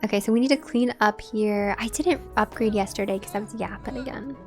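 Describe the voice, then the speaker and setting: A woman's voice: medium pitch, brisk. Just a woman streaming a game, talking to her chat, chatty and easygoing, a bit of music in the back. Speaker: live streamer.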